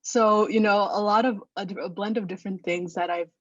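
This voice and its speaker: A woman in her twenties from Montreal, a native French speaker, introduces herself calmly with slight hesitation. Her voice comes through a dry, slightly muffled video call, at a middle pitch. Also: fairly quick, dry recording. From Montreal, Canada. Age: 20s. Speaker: panelist.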